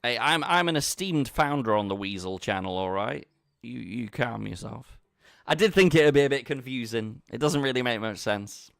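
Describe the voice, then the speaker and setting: A man's voice: mid-range voice, expressive, normal speed, vocal fry, few pauses, fairly bright tone, dry recording, studio quality. A man chatting casually with his viewers while he plays online poker, bantering and talking to the chat. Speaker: poker streamer. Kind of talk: casual live-stream commentary.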